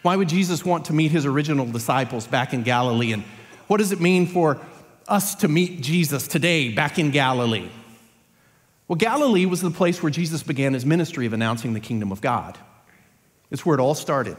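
A man delivering an earnest sermon in a slightly high voice, his lines swelling toward emphatic peaks. His words carry a long reverb from the church sanctuary around him. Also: expressive, a little fast. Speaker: preacher.

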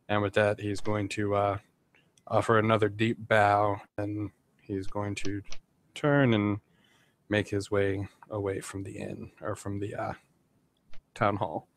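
A male player describing his character's actions in a tabletop game. His voice is low and flat, with little movement, and his delivery is low-key. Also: unhurried.

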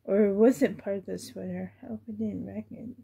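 Gravelly, breathy woman gushing over a doll. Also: mid-range voice, fairly even intonation, normal speed, warm tone. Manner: gushing, fond, half-whispered asides. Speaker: reborn doll collector. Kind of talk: unboxing vlog chat.

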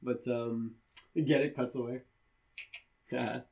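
A man's voice: mid-range voice, fairly even intonation, slow, vocal fry, a little mellow, dull audio. A man co-hosting a podcast, chatting casually and crudely about a horror movie, laughing often. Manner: crude, laughs often, does goofy voices. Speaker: podcast co-host. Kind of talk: casual movie-review banter.

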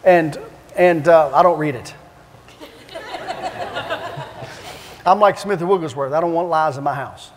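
A man evangelist preaching and telling stories in an animated, repetitive, emphatic way in a church. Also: fairly high pitch, a little slow, long pauses, noisy background. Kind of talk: preaching with storytelling. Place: church sanctuary. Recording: long church-hall reverb.

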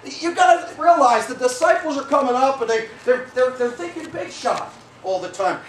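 A man preaching a sermon as pastor, in a folksy, animated way that breaks into shouts. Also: very high-pitched, moderate pace, few pauses, slight background noise. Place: church sanctuary. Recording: echoey church from a distance.

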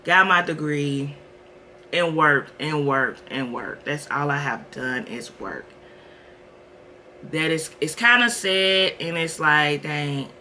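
In a laid-back home vlog, a thirtysomething woman chats openly with her audience and addresses them as "y'all." She sits low in pitch with a bright, forceful tone, and there's slight noise in the background.

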